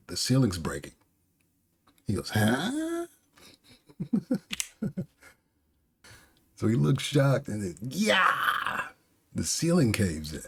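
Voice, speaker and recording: A man hosts a casual manga reaction channel, reading aloud and commenting in a chatty way, laughing often and restarting words. His voice is fairly low, a little mellow, with a breathy edge.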